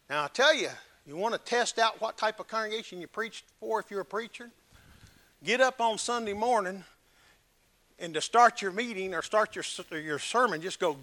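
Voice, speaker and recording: A man preaching a sermon, emphatic, swinging between loud exhortation and hushed earnest talk. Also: high-pitched, expressive, normal speed.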